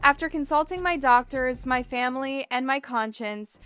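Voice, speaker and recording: A woman voicing an aging male king giving up his throne, speaking in a measured, solemn way. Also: sits high, fairly bright tone, clean tone.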